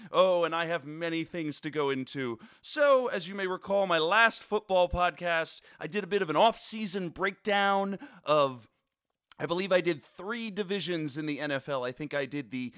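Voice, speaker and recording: A man's voice: high voice, fairly bright tone, smooth. A man hosting a casual solo sports podcast from his bedroom, rambling with jokey, playful asides.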